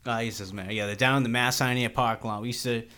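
A man co-hosting a podcast, telling animated stories in casual, profane chat and saying "dude" constantly. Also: mid-range voice, fast, clear, resonant tone. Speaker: podcast co-host.

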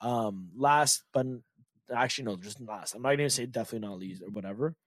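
A man's voice: medium pitch, fast, dry recording. A man co-hosting a casual football chat, blunt and joking in manner. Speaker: podcast co-host.

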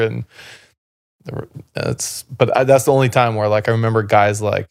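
A man from Canada with a lowish, gravelly voice rambles through a long story on a podcast. His talk is loose and full of fillers and restarts. The recording is close and dry, with no room sound. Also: flat delivery, moderate pace, dry recording. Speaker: podcast guest, former basketball player. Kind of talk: casual storytelling conversation.

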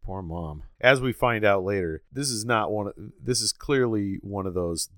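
Co-host, man in his 40s, low voice, dry close mic, loose profane chatter. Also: animated, moderate pace, hardly any pauses, a bit bright, dry recording. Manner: profane, rambling, chuckling. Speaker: podcast co-host. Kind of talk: casual movie-review chat.

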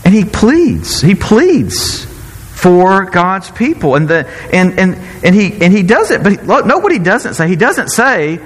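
A male pastor delivering a sermon with a lively, swooping voice that runs slightly high for a man. He talks in an animated, playful way and often stops and restarts his sentences. His voice rings out with a long hall reverb. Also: unhurried, slightly rough. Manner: animated, self-interrupting, playful asides.

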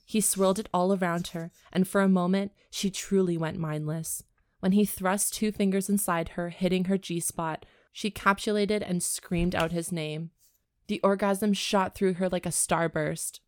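A woman co-hosting a comedy podcast, reading a steamy novel aloud and tossing in crude jokes. Her voice sits a little low. The recording is close and dry, with little room sound. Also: fairly even intonation, moderate pace, no room sound. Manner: bawdy, joking asides. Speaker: podcast co-host and reader.

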